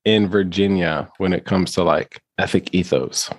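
A man's voice: low-pitched, moderate pace, no echo. A man in a casual podcast chat, teasing and tossing out odd claims.

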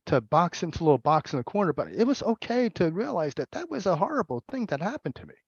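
A man giving a personal recovery share at a support meeting, speaking candidly and haltingly, repeating words and laughing. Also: high-pitched, sing-song, husky, no room sound, dull audio.

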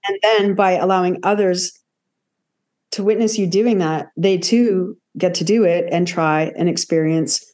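A woman's voice: lowish voice, fairly even intonation, unhurried, darkish tone. A woman guest on a podcast, a grief expert with a cough, speaking reflectively and repeating phrases for emphasis. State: has a cough. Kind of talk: casual podcast conversation.

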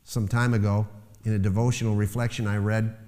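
A man's voice: on the low side, level tone, brisk, dark tone. A man preaching a sermon as pastor, lifting his voice to stress key phrases. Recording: long hall reverb.

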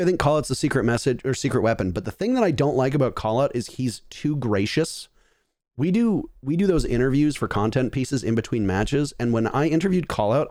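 Profane, animated man talking esports. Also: mid-range voice, no room sound, clean studio sound. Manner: animated, profane, acts out players' voices. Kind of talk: casual esports chat.

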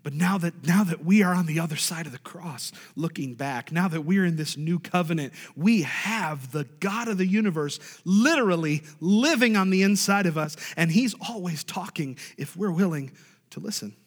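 Pastor, male, high voice, emphatic call-and-response preaching, hall reverb. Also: normal speed, breathy edge. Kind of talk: sermon.

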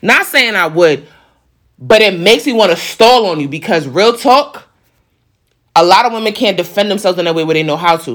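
A woman recounts a run-in to her viewers, her voice sitting at an ordinary middle pitch. She talks casually and emphatically, leaning on slang and repeated asides to the audience. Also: lively intonation, moderate pace. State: on the verge of tears. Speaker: vlogger telling a personal story.

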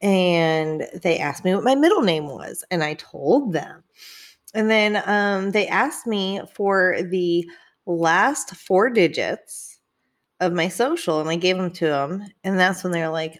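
Unhurried young woman telling candid stories. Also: lowish voice, animated. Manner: candid, swearing, laughing, acts out quoted dialogue. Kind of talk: casual chat.

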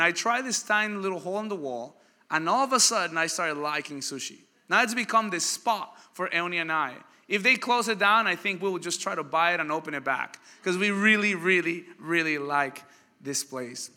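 A man preaching a sermon, telling lively stories and asking the congregation questions. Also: high-pitched, brisk. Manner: animated storytelling, asks the crowd questions. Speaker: pastor. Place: church hall. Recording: church hall reverb.

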